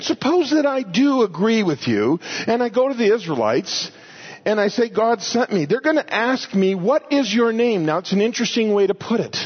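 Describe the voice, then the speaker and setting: A man preaching a sermon, explaining Bible verses and paraphrasing scripture aloud, at times loud and at times quiet. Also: high-pitched, big pitch swings, moderate pace, husky, highs cut off. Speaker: pastor teaching a Bible study.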